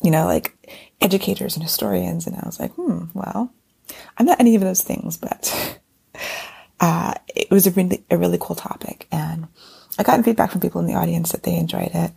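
Hoarse woman with a gravelly voice. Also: fairly low pitch, brisk, a little mellow. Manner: chatty, rambling with fillers and restarts. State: hoarse, losing her voice. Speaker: podcast host. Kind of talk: casual podcast monologue. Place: at a convention, indoors.

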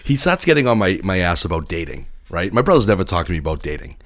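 A man's voice: low voice, very animated, fast, no room sound. A man, co-hosting a podcast in blunt, profane, ranting casual banter. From Massachusetts. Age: 40s. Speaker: podcast co-host.

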